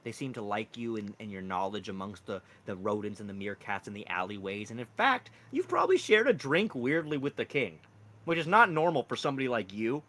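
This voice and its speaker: A man's voice: fairly low pitch, big pitch swings, fairly quick, fairly bright tone. A man narrating as dungeon master in a casual, rambling way. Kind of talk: narrating a tabletop game.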